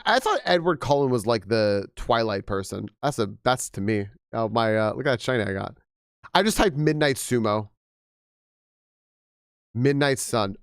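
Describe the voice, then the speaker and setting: A young man chatting casually on a game stream, rambling and animated with frequent restarts, slightly hoarse from losing his voice. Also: medium pitch, no room sound, studio quality. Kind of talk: casual live-stream chat.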